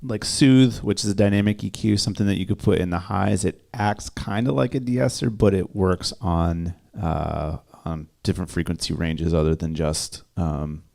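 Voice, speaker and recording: Deep, gravelly male co-host. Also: steady tone, normal speed, hardly any pauses, darkish tone. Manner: hesitant, lots of fillers while searching for terms. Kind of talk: casual live-stream chat.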